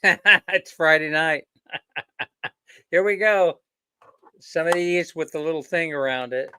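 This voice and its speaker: A man's voice: a little high, takes it slowly, bright, forceful tone, a little hiss or hum. A man hosting a casual live stream, rambling and joking, chuckling often. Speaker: livestream host.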